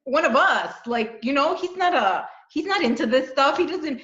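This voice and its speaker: A woman hosting a casual spiritual chat, telling her story in an earnest, animated way with frequent restarts. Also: high voice, normal speed. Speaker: channel host. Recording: dull echoey room sound.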